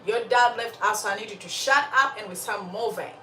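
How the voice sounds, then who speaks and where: Shrill frantic mom yelling at her kid, woman putting it on, bright voice from far off. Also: brisk, reverberant, slight background noise. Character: desperate young mother, shrill and angry.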